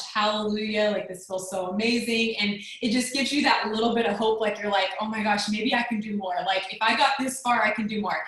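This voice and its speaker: A woman's voice: medium pitch, fairly bright tone. Chatty woman in a very echoey room. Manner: chatty, many "like" fillers. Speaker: network marketing leader. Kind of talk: personal story on a video call. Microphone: video call.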